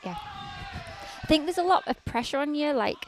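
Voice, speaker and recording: A woman's voice: sits high, expressive, moderate pace. Chatty Yorkshire woman guest. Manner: chatty, leans on "like" and "um". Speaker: guest, fighter's partner. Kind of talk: casual interview chat.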